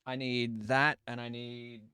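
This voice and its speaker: Brief: male streamer, mid-pitched, casual and profane, quick to laugh, bone-dry close mic at a home desk. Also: little pitch movement, pushed and bright, clean tone, no echo. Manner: joking, swears freely, laughs often. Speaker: live streamer. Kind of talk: casual live-stream chat. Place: home desk while baking.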